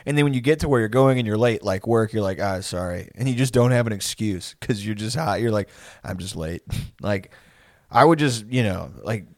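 A man's voice: mid-range voice, quick pace, few pauses, no echo, clean studio sound. A young man chatting casually, telling rambling stories full of swearing, laughing often and putting on voices for the people he quotes. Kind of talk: casual chat.

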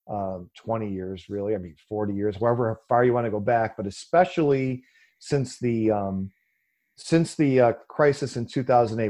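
A man answering an interview question at length, explaining an idea in a conversational way with plenty of fillers and now and then mocking other views with a raised voice. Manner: animated, mocking quoted voices with a raised pitch, many fillers. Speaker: guest explaining economics.

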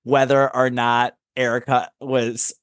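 A man's voice: medium pitch, little pitch movement, slow pace, smooth, no echo, clean studio sound. A man co-hosting a podcast in casual chat, rambling and laid-back with many fillers.

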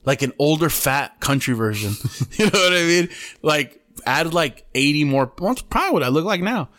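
A man's voice: on the high side, expressive, moderate pace, fairly bright tone. Profane, slangy man telling a story. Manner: profane, slangy, keeps saying "bro". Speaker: podcast host. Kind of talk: casual podcast storytelling.

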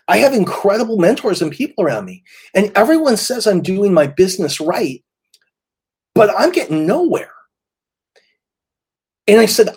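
A middle-aged man telling his career story in a motivational speech, animated and often stumbling over repeated words. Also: sits high, slightly rough. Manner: animated, acts out quoted voices, repeats words when emotional.

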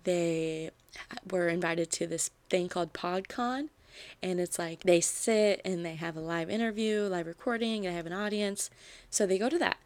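A woman hosting a book podcast, retelling a novel's plot in a chatty, animated way with lots of "like" fillers. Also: lowish voice, normal speed, no echo. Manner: animated storytelling, frequent "like" fillers.

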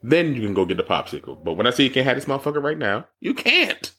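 A man co-hosting a podcast in casual chat, telling stories with lots of profanity and jumping high when he mocks people. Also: quick pace, husky. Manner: animated storytelling, profane, jumps high when mocking. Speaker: podcast co-host.

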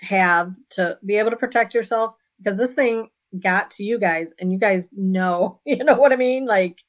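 A woman's voice: mid-range voice, normal speed. A woman hosting a paranormal podcast, chatting with her guests and saying "you know" often. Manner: conversational, many "you know"s. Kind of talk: casual interview chat.

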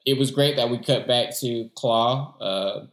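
A man's voice: medium pitch, unhurried, reverberant. A man in casual chat, animatedly retelling a movie and acting out the characters' lines.

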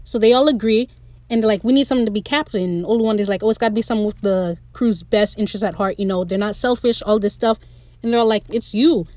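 A young woman recapping a TV episode in an excited, playful, gushing way. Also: mid-range voice, quick pace, dry recording. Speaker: podcast host reviewing a show.

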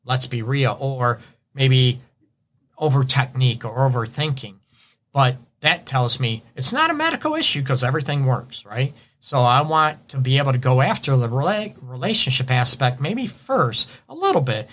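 A man's voice: medium pitch, very animated, moderate pace, a bit bright. A man who counsels couples, hosting a relationship advice show and talking through the topic in a conversational way, often checking in with "right?" and "you know". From Detroit area. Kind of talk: radio advice monologue.

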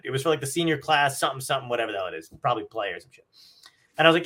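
Bright-voiced man telling a story. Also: medium pitch, very fast. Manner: swearing, storytelling, acts out quotes. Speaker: podcast host. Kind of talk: casual chat. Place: home.

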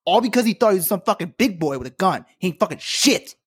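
Husky woman ranting angrily. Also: medium pitch, lively intonation, fast talker. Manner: angry, profane, emotional rant. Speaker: podcast co-host. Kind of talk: heated casual chat.

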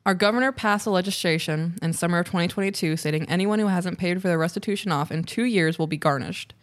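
A woman's voice: fairly low pitch, quick pace. Woman co-hosting a casual podcast. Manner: animated, stumbles over words and laughs while reading. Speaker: podcast co-host. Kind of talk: casual podcast chat, reading listener letters.

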